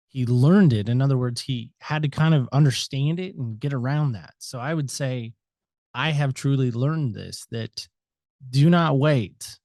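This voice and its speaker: A man's voice: medium pitch, no echo. A man from the United States, a podcast guest, talking reflectively and at length. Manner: talkative, reflective, varies loudness a lot. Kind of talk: reflective interview talk.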